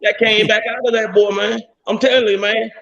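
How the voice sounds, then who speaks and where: A man's voice: sits high, level tone, fairly quick, vocal fry, fairly bright tone, highs cut off. A male caller ranting bluntly and at length on a call-in show. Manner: blunt, rambling, insistent. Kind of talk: heated call-in rant.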